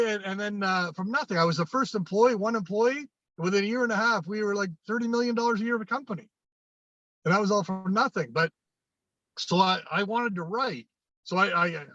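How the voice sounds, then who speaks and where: A man's voice: high voice, fairly bright tone, no room sound. A man, a guest on a podcast, telling anecdotes in conversation and acting out the dialogue, often restarting and repeating phrases. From Canada. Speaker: podcast guest, sales coach. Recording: dry, dull lo-fi sound.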